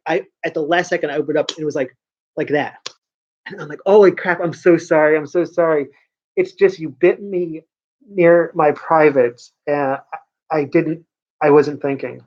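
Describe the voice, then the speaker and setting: A man's voice: on the high side, a little mellow, muffled recording. A man talking casually to camera in a rambling vlog monologue, often restarting and repeating words. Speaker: vlogger.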